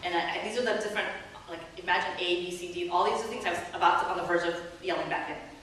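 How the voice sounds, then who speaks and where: A woman preaching in a church, telling a story with lively, self-mocking humor. Her voice sits in a middle range. It bounces around a big echoey hall and is picked up from some distance, with a faint murmur behind it. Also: lowish voice, racing, slight background noise. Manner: animated, self-mocking storyteller who laughs and acts out quotes. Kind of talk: sermon storytelling.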